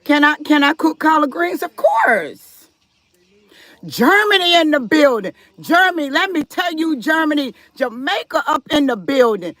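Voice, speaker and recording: A woman's voice: high-pitched, very animated, measured pace, a bit bright, no room sound. A woman hosting a live stream, chatting casually with viewers and reading their comments aloud, firm about respect in her chat. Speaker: livestream host.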